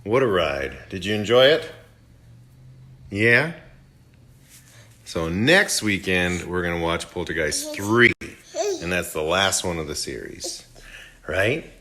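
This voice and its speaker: Bright-voiced man recapping a movie. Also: low voice, slow, long pauses. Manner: animated storytelling, mock voices for quotes. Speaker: movie reviewer. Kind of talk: casual play-by-play recap.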